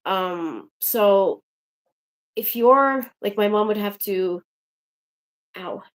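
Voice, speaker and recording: Chatty woman ranting on a livestream. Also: medium pitch. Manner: chatty, rambling, exasperated asides to viewers. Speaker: livestream host. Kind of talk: casual livestream chat.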